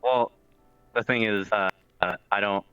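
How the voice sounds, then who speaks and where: A man's voice: fairly low pitch, fairly even intonation, measured pace, pushed and bright, clear, resonant tone. A man hosting an interview show, chatting casually and joking with his guest. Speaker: host. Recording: dull lo-fi mic with faint music.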